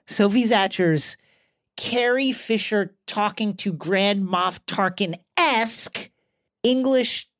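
A woman's voice: medium pitch, slow, dry recording, clean studio sound. A woman co-hosting a podcast, talking in a playful, casual way with frequent fillers. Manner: playful, hesitant, with many fillers. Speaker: podcast co-host. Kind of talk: casual chat.

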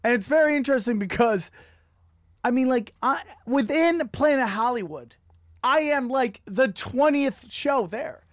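A middle-aged man hosting a comedy podcast, ranting in a profane, rambling way with loud outbursts. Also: very high-pitched, animated, unhurried, no room sound, studio quality. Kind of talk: casual comedic rant.

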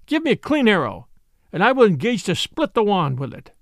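A merry, proud outlaw chief from a storybook, as a male narrator voices him, declaiming boldly. The voice is high with wide pitch swings, in a dry, close recording. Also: huge pitch swings, a little fast, dry recording, full character voice.

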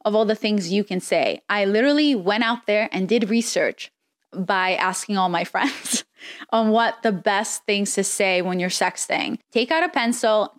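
A woman hosting a casual advice podcast, answering listener questions from her bed in a blunt, frank way with frequent giggles. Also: medium pitch. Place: sitting in bed indoors.

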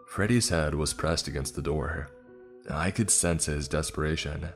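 A man with an extremely deep, low voice reads a first-person horror story in a grim, steady way. Faint music sits beneath his narration. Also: unhurried.

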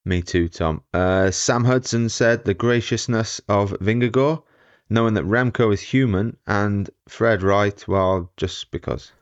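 Relaxed man hosting a podcast. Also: fairly low pitch, a little slow, clear, resonant tone, no room sound, muffled recording. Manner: relaxed, laughing banter. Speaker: podcast host. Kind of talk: casual chat.

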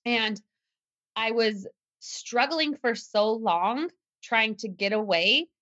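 Bright-voiced woman recounting a story. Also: fairly high pitch, takes it slowly, no room sound. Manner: earnest, tense retelling with restarts. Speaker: guest, self-defense teacher. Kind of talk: personal story told in an interview. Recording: slightly dull, muffled recording.

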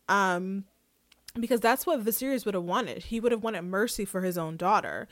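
A woman co-hosts a casual podcast, recapping a show in a chatty way and laughing often, getting animated as she retells scenes. Her voice is medium-pitched and brisk, and the recording is dry.

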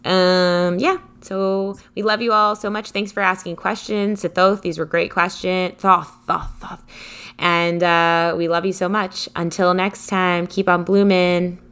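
Bright, crisp-voiced woman podcast co-host. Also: lowish voice, flat delivery. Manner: bubbly, quick to laugh, lots of "like". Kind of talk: casual chat.

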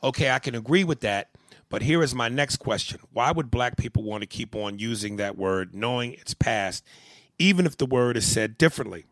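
A man's voice: medium pitch, normal speed, no echo, studio quality. A man hosting a comedy podcast, talking casually with profane jokes. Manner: profane, animated, joking. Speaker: podcast host.

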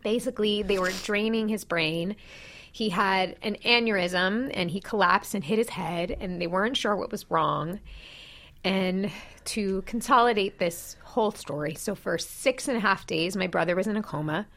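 A woman in her thirties, a podcast co-host, candidly retelling a painful personal story with animated quoted dialogue. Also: mid-range voice, moderate pace. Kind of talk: personal storytelling in casual chat.

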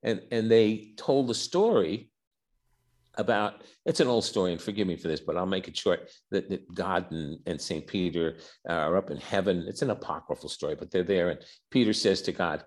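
A man's voice: deep voice, normal speed. An older man, a physician and author, telling personal stories as a podcast guest, acting out dialogue and often restarting his words. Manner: animated storyteller who acts out dialogue, with repeated starts. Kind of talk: candid interview storytelling.

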